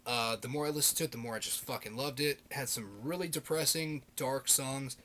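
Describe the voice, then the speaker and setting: A man in his thirties rambling excitedly in a casual video blog, swearing constantly and piling up fillers. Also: mid-range voice, brisk. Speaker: video blogger.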